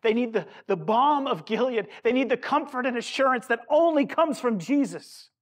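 A man's voice: extremely high pitch, lively intonation, normal speed. A male pastor preaching a sermon in a church sanctuary, earnest and conversational, often turning to the congregation with asides.

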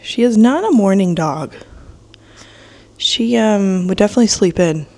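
A young woman vlogs from her home kitchen and office on a handheld camera, chatting in a rambling way full of fillers. She's sleepy and yawning, a bit nasal from allergies. Her medium-pitched voice is expressive and slightly mellow, at a normal speed.

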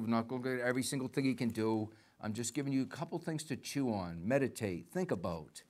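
In a church sanctuary, a male pastor delivers a lively, conversational sermon in a medium-pitched voice. He acts out brief snippets of dialogue and poses questions to the congregation.

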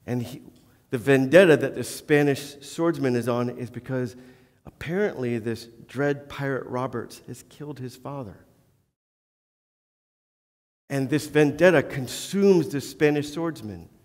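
A man's voice: medium pitch, measured pace, darkish tone. A male pastor preaching a sermon earnestly, with flashes of self-deprecating humor, in a church. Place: church sanctuary. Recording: long church-hall reverb.

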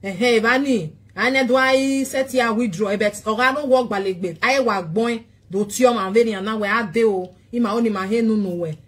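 A Nigerian woman speaks in a husky voice that sits a bit high. She pleads over and over and keeps returning to short questions. Her talk is loose and casual. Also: brisk, hardly any pauses.

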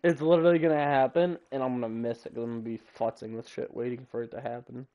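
A man's voice: mid-range voice, steady tone, quick pace, warm tone, dull audio. A man live-streaming a game, chatting casually and rambling through jokes as he waits on something in the game. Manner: rambling, joking, self-talking.

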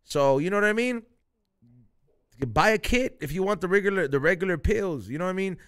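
A man's voice: sits high, lively intonation, brisk, a bit bright, smooth. A young man hosting a podcast, telling a loose, profane story in casual chat, full of slang and dropping Spanish phrases. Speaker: podcast host.

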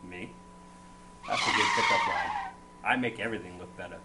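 A man's voice: low voice, brisk, natural voice. A man playing a boastful macho builder. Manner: boastful, rude, swaggering. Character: cocky macho male construction worker on a date. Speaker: sketch actor. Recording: noisy amateur recording with hum.

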